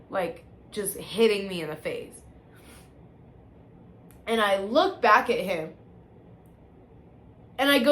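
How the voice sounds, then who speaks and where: A woman's voice: medium pitch, fairly bright tone. A woman telling her personal testimony in casual, confessional storytelling, candid and profane, often stopping to restart her sentences. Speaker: vlogger sharing personal testimony. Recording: echoey room with faint background noise.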